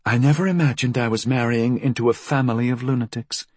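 A man's voice: medium pitch, steady tone, fast talker, breathy edge, no room sound, voice pushed up, lightly acted. A man doing a curious young wife. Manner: soft, questioning. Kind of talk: audiobook character voice.

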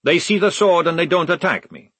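A man voicing a calm, polite young male recruit who speaks patiently. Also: husky, dry recording. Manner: patient, courteous, high and measured.

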